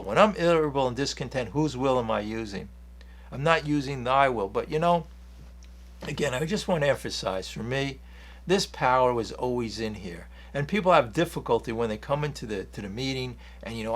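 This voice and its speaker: A man giving an earnest, rambling spiritual talk on a 12-step program, reading passages from a book and restarting his sentences often. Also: medium pitch. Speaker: 12-step speaker.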